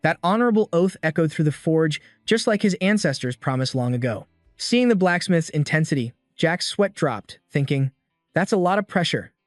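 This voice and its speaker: Male recap narrator, higher voice, dry close sound, even steady delivery. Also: normal speed, no echo, soft background music. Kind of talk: scripted story narration.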